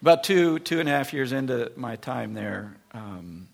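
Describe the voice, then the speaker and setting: This pastor's voice is creaky and medium in pitch, moving at a moderate pace. Preaching his sermon, he brings his stories to life by performing each character's voice.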